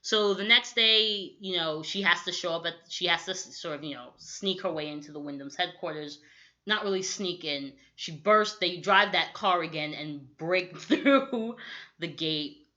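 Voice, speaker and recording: Lively young woman recapping with bright energy. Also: fairly low pitch. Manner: animated storytelling with quick acted-out quotes, lots of "like". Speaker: podcast co-host recapping a movie. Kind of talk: casual chat. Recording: dull lo-fi audio.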